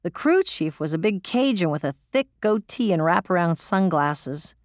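A woman's voice: on the low side, animated, moderate pace, no echo, clean studio sound. A woman narrating in the first person as an audiobook reader, gritty, profane and emotional.

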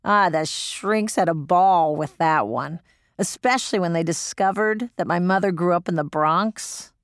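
A woman's voice: on the low side, a little slow, no room sound, studio quality. A woman narrating in the first person as an audiobook reader, gritty, profane and emotional.

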